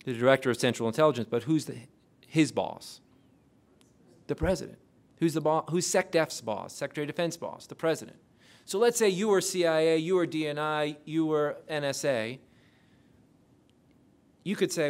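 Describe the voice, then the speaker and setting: Gravelly man quizzing a class. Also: a little high, lively intonation. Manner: quizzes the audience with rapid questions. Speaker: lecturer on intelligence oversight. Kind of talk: interactive classroom lecture.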